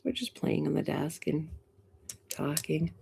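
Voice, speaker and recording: A woman's voice: low voice, expressive, unhurried, gravelly, noisy background. A middle-aged woman with a Boston accent, hosting a live stream in casual chat, greeting viewers and laughing often.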